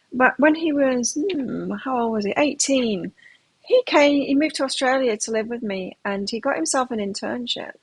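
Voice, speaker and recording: A middle-aged woman chats her way through a live tarot reading. Her voice is a little husky, recorded dry and close. She rambles and circles back, restarting her sentences as she goes. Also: a little high, no echo, poor audio. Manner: chatty, rambling, with frequent restarts. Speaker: tarot reader.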